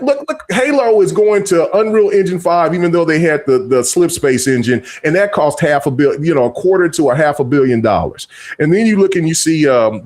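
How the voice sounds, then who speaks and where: A man's voice: fairly high pitch, a little mellow. A man hosting a casual gaming podcast, talking in long rambling stretches full of restarts and fillers. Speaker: podcast host.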